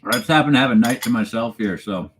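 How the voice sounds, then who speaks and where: A man from Canada hosting a casual livestream, chatting with viewers and reading their comments aloud in a relaxed way, chuckling as he goes. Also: mid-range voice, quick pace, a little hiss or hum. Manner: laid-back, chuckling, talks to viewers by name. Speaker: channel host reading live chat. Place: home, alone for the evening.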